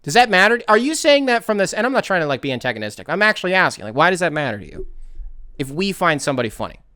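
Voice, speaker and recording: A man's voice: high-pitched, big pitch swings, racing, bright, forceful tone, clear, resonant tone, no echo, clean studio sound. A man from the United States hosting a casual solo podcast, rambling and correcting himself as he talks. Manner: rambling, self-correcting, conversational. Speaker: podcast host.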